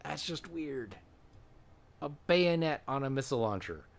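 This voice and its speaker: Playing a video game for his gaming channel, a man speaks in an animated voice on the high side at a measured pace. His let's play commentary is chatty and wry, full of thinking aloud and frequent hesitations.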